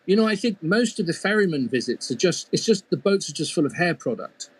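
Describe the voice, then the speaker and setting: A man's voice: sits high, very animated, brisk, slightly rough. A man telling a folk tale as a storyteller, playful, with humorous asides. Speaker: storyteller and mythologist.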